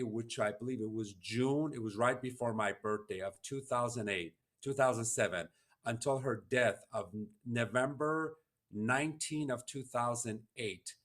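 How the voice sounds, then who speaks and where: A man hosting a podcast, telling a personal story in an earnest, emotional, heartfelt way. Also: mid-range voice. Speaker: podcast host.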